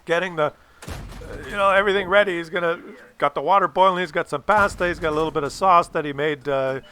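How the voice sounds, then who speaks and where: A man's voice: sits high, fast, bright, forceful tone, a little hiss or hum. A man hosting a gaming channel, telling a rambling, profane story while he plays. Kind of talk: casual storytelling over gameplay.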